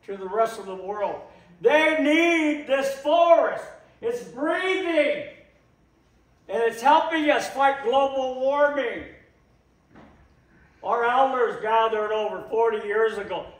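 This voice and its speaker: A man giving an impassioned public talk, slow and emphatic, repeating phrases for weight. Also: very high voice. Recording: echoey room, voice from a distance.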